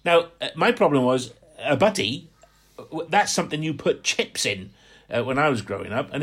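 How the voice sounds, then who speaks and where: A man from Hampshire giving a gentle, rambling radio devotional reflection, with frequent fillers. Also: on the high side, big pitch swings, moderate pace, husky. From Hampshire, England.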